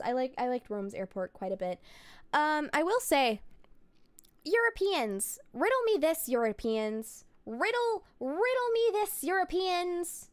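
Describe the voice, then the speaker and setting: A woman's voice: on the high side, smooth, no room sound. A woman streamer in casual chat, playful and goofy, joking with silly word swaps.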